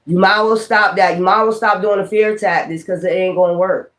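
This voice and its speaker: Male tarot streamer with a high voice, delivering a profane, confrontational rant full of repetition. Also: fairly even intonation, fairly quick, a bit bright. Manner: profane, confrontational, repeats himself. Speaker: tarot reader. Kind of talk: livestream rant.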